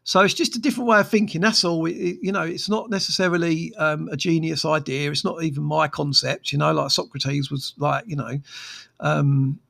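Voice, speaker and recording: A man's voice: a little high, fairly even intonation, brisk, vocal fry, fairly bright tone. A man, a therapist talking frankly on his own podcast with many fillers and restarts. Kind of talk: casual solo podcast monologue.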